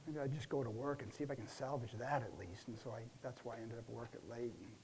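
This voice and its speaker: A man playing a shaken, halting client. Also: medium pitch, steady tone, darkish tone, slight background noise, lightly acted, poor audio. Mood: rattled. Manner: halting, many restarts and fillers. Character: stressed middle-aged man recounting a relapse. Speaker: role-play client. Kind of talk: counseling role-play.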